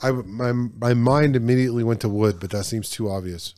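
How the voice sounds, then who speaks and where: A man's voice: medium pitch, fairly even intonation, a little fast, darkish tone, no room sound. A man hosting a casual podcast, reading trivia questions aloud in a loose, joking way with stumbles and swearing.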